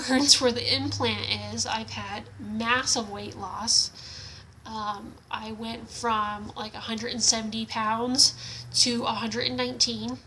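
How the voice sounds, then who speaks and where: Young woman vlogger, frank and frustrated, bright tone, filler-heavy casual delivery. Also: a little high, slight background noise, poor audio. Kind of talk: casual testimonial vlog.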